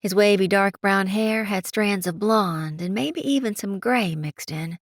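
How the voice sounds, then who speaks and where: A woman's voice: mid-range voice, measured pace, no room sound, clean studio sound. A woman narrating an audiobook in the first person, in an intimate, admiring manner.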